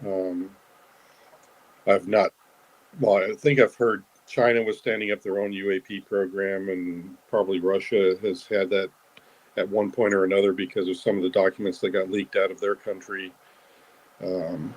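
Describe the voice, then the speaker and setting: A man speaking as a guest in a live online audio room, talking in a hesitant way with many pauses and restarts. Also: low-pitched, darkish tone, slightly rough, rough recording. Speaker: whistleblower guest. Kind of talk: casual talk in a live audio chat room.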